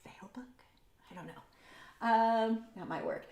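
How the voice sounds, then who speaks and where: A woman's voice: on the high side, sing-song, normal speed. Chatty woman livestream host, echoey room. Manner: chatty, rambling, many ums, reads comments aloud. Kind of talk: casual chat while painting, reading comments.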